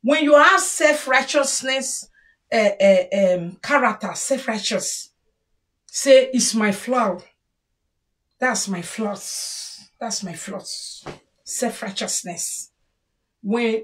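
High-voiced Nigerian woman lecturing. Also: distant mic. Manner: lecturing, scolding, mixing pidgin. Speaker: vlogger. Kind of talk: casual advice monologue. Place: home.

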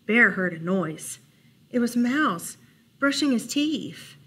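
Slow, gentle woman reading a bedtime story. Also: on the high side, animated, husky. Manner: gentle and unhurried, with playful asides. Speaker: children's librarian storyteller. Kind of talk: reading a bedtime picture book aloud.

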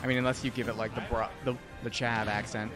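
A man's voice: medium pitch, level tone, quick pace, music in the background. A man commentating a fighting game tournament in a casual, joking way, fond of puns. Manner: joking, pun-loving, bursts into mock whispered ASMR. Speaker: esports commentator.

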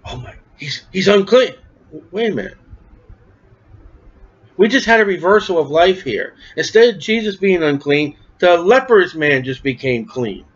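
Man, preacher, high voice, sermon, asks and answers himself, dull lo-fi recording. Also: lively intonation, normal speed. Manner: conversational, asks and answers his own questions; acts out quoted voices with raised pitch.

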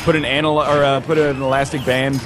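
A man's voice: medium pitch, little pitch movement, quick pace. A man giving casual gaming commentary while playing with a friend, rambling and joking with lots of filler words. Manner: rambling, jokey, heavy on "like" fillers. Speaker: let's play co-host. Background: game music.

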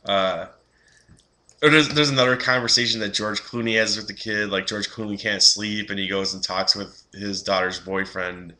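A man's voice: fairly low pitch, fairly even intonation, normal speed, bright, forceful tone, slight background noise. A young man giving a casual, rambling film review, full of fillers and restarts.

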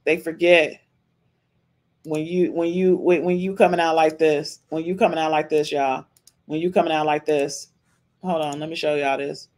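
A woman's voice: low-pitched, steady tone, moderate pace, a little mellow. A woman hosting a podcast, giving casual reaction commentary on a livestream in an emphatic, chatty way and often tossing in a questioning "okay?". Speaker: podcast host.

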